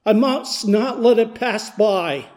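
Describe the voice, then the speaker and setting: A high-voiced man tells a story in the first person, as a poor blind beggar. His delivery is earnest and unhurried, and it steadily gathers intensity. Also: a little mellow. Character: blind beggar man, humble then desperate. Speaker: dramatic storyteller. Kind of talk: first-person dramatic monologue.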